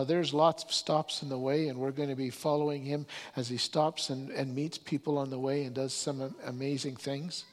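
A man's voice: fairly high pitch, long reverb tail. A man preaching a sermon, telling the story earnestly and stumbling over restarts and repeated words.

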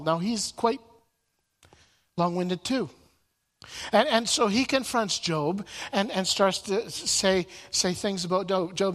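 Halting male preacher in a reverberant hall. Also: high-pitched, fairly bright tone. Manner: halting, with frequent repeated words and restarts. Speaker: Bible teacher. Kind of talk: sermon-style Bible teaching. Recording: long reverb in a large room.

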